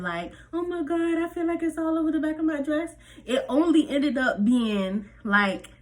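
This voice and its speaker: A young woman telling a personal story to her viewers in a casual vlog, animated and profane, chatting straight to the audience. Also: on the high side.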